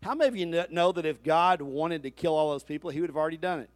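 A man's voice: fairly high pitch, fast talker, no echo. A man preaching a sermon as pastor, talking straight to his congregation and calling for their responses.

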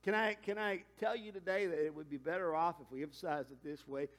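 High-voiced man preaching a sermon. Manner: conversational preaching, quick asides and emphatic climbs. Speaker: pastor.

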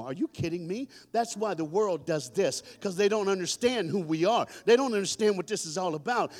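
A male pastor preaching a sermon with call-and-response, building to loud climaxes. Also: high-pitched, a little fast, hardly any pauses. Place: church.

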